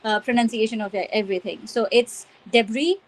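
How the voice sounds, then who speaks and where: A woman's voice: fairly high pitch, normal speed, slight background noise, low-quality recording. A woman with an Indian English accent teaching pronunciation on a webinar video call, earnest and explanatory, with many fillers. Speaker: phonics and language trainer, guest.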